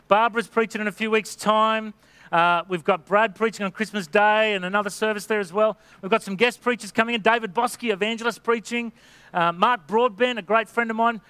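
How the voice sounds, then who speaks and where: A man's voice: high-pitched, pushed and bright, smooth, no echo. A middle-aged man preaching a sermon in an earnest, exhorting way, now and then acting out the voices of people in his examples. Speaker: pastor.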